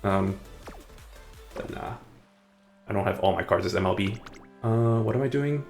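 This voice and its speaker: Gravelly low-voiced male game streamer. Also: moderate pace, a little mellow, soft background music. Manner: rambling, muttering to himself, chuckling. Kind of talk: casual live gameplay chat.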